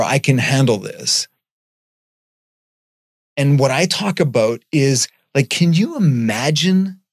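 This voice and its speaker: A man talking earnestly in a casual podcast conversation, getting animated and swearing now and then. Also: mid-range voice, no room sound, clean studio sound.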